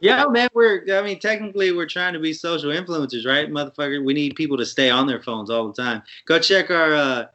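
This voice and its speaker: A man's voice: fairly high pitch, brisk, hardly any pauses, pushed and bright, highs cut off. A man co-hosting a casual podcast, joking around and swearing freely. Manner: profane, joking banter. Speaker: podcast co-host.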